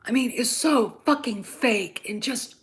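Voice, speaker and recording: A woman in her fifties hosting her own channel, ranting about a TV show, sarcastic and profane, often dropping into a hushed whisper and pressing her points with "okay?". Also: a little high, measured pace. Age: 50s. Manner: emphatic, repeats "okay?" for emphasis. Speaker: channel host and TV critic. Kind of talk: ranting commentary.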